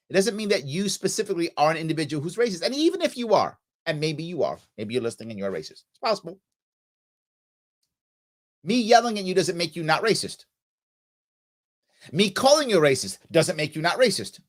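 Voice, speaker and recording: An American man hosts a live political show and lectures his viewers with real conviction. His pitch rises and falls sharply as he acts out imagined conversations, and he hammers each point home. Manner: animated, emphatic, acts out both sides of arguments. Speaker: political talk show host. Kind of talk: impassioned livestream monologue.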